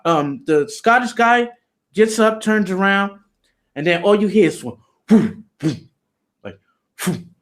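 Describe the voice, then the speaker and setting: A man's voice: a little high, a bit bright. A man being interviewed, telling a story in loose, slangy, profane casual talk with lots of "you know". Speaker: interview guest.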